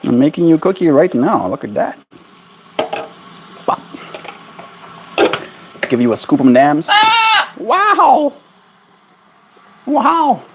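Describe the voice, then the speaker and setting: A man's voice: mid-range voice, expressive, a little slow, pauses often, noisy background. Man cooing baby talk to a pet bird. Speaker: streamer. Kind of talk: casual chat with a pet bird.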